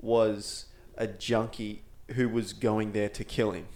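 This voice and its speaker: A man's voice: lowish voice, takes it slowly. A man with an Australian accent, co-hosting a podcast and telling stories in casual chat with lots of "like" and swearing. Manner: animated storytelling, lots of fillers and swearing. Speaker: podcast co-host.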